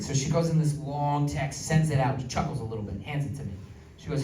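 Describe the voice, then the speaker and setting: A man's voice: mid-range voice, brisk, darkish tone, far from the mic. A man doing a stand-up comedy set and telling stories in a chatty way, with lots of fillers. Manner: chatty storytelling with filler words. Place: comedy venue with live audience. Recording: roomy live audience recording from afar.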